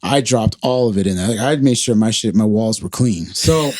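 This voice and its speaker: A young adult man who hosts a podcast tells a crude story in an animated way, laughing as he goes. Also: lowish voice, moderate pace. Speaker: podcast host. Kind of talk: casual storytelling.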